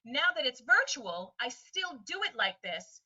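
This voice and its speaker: A woman teacher presenting a webinar lesson in a lively way, often slipping into quick voices for students and friends. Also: high-pitched, breathy edge. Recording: distant, dull lo-fi sound.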